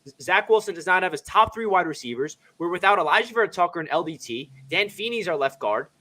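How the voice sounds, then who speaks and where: A man hosting a casual sports chat, excitable and quick-talking. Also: high-pitched. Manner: excitable, talks fast. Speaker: podcast host.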